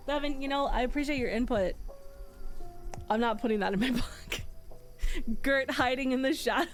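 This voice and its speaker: A woman's voice: high voice, moderate pace, pauses often, soft background music. A woman streamer chatting casually with her viewers, swearing freely and laughing often.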